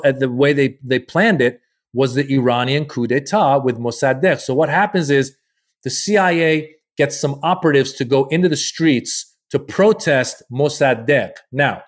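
Spinning a lengthy yarn as a podcast guest, a comic talks in a mid-range voice at normal speed, animated and crude, performing the characters he quotes in easygoing chat.

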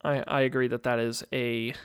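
A man's voice: medium pitch, flat delivery, normal speed, clear, resonant tone. A man co-hosting a podcast in casual chat, easygoing and jokey as he plugs the show. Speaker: podcast co-host.

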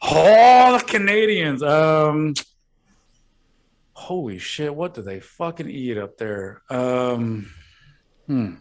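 A man's voice: mid-range voice, lively intonation, takes it slowly, pauses often, fairly bright tone. A young man co-hosting a podcast, rambling and swearing through crude banter, laughing often. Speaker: podcast co-host.

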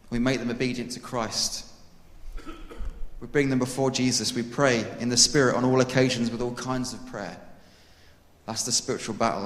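A man's voice: medium pitch, a bit bright, slight background noise. Man, preacher, earnest conversational sermon, echoey hall, long reverb. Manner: earnest, conversational, jokes with congregation. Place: church hall.

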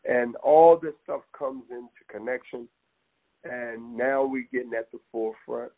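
A man's voice: medium pitch, fairly even intonation, unhurried. A man talking with passion, rambling and emphatic, often calling the listener "man". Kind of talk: impassioned casual talk. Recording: tinny phone-line audio.

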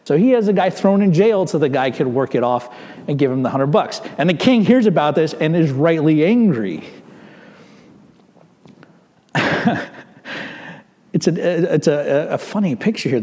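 A man's voice: fairly high pitch, very animated, normal speed, a little mellow. A man preaching a sermon as pastor, in a conversational manner with frequent asides to the congregation. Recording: long hall reverb.

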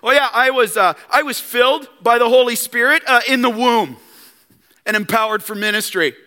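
A man's voice: high voice, lively intonation, moderate pace, sharp tone, clean tone, long reverb tail. A man voicing a boastful young male prophet who shows off his credentials in a smug, slangy way. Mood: bragging. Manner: smug, bragging, casual slangy asides.

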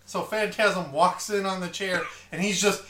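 Bright-voiced man chatting in an echoey room. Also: high-pitched, measured pace, a little hiss or hum. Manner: animated, acts out lines of the film with a jokey voice. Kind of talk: casual podcast chat about a film.

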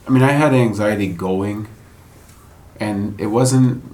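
A man's voice: fairly low pitch, slow pace, a little mellow, slight background noise. A middle-aged man telling a personal story in a casual, rambling way, swearing freely and laughing between thoughts. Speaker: guest sharing a grief story. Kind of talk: casual podcast chat.

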